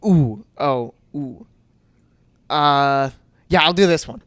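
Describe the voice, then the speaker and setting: A man's voice: a little high, animated, slow pace, a bit bright, no room sound, studio quality. A man co-hosting a comedy podcast in casual chat, rambling with lots of fillers and repeated yeahs.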